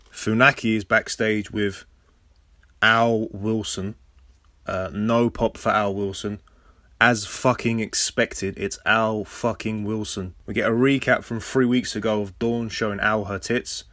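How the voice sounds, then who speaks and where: An English man hosting a casual podcast recap, sarcastic and swearing freely, with sudden loud high outbursts. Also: steady tone, moderate pace, dry recording, clean studio sound. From England. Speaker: podcast host.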